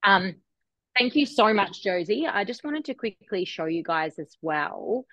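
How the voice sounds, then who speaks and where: A woman's voice: medium pitch, expressive, a little slow, fairly bright tone, no echo. A woman hosting a live online cooking demo in an upbeat, chatty way. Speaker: cooking class host. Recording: dry, dull lo-fi sound.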